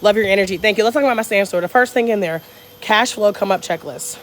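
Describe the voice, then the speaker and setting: A woman's voice: mid-range voice, fast, slight background noise. Fired-up woman preaching budget travel. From United States. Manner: energetic, profane, preachy, reads viewer comments aloud. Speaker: travel vlogger. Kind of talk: live-stream motivational chat. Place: hotel room abroad.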